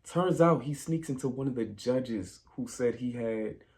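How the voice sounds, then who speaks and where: Male movie reviewer with a gravelly voice, casual and animated, talks to viewers like friends. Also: medium pitch, measured pace. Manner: animated storyteller, addresses viewers as "y'all".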